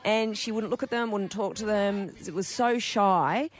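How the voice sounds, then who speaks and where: A woman's voice: medium pitch, moderate pace. A woman, hosting casual radio chat and telling stories with acted-out quotes. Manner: chatty storyteller, acts out quotes. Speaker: radio host.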